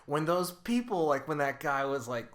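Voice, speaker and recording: Lively-voiced man rambling with "like". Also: moderate pace. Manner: rambling, heavy with "like", lively pitch. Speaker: podcast co-host. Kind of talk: casual chat.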